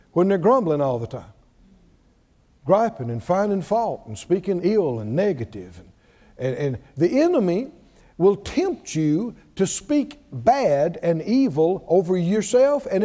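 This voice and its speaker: High, lively-voiced preacher in reverberant hall. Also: male voice, normal speed. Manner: emphatic call-and-response preaching. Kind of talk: sermon.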